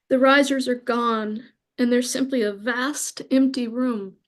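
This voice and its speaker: A woman guest reading a spiritual account aloud in a slow, soft, reverent way, moved nearly to tears. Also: fairly high pitch, fairly even intonation. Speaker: guest speaker.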